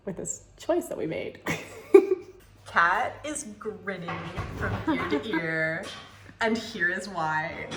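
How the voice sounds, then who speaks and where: A woman's voice: medium pitch, reverberant, background noise. A young woman vlogging casually at a winery tasting, chatty and gushing with lots of "like"s. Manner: bubbly, gushing, chatty with many "like"s. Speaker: travel vlogger. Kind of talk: casual vlog chat.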